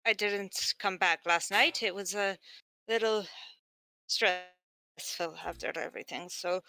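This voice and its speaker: A woman's voice: medium pitch, slow pace, sharp tone, no echo. A woman playing in a tabletop game, speaking casually and hesitantly, with restarts as she thinks. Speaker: player.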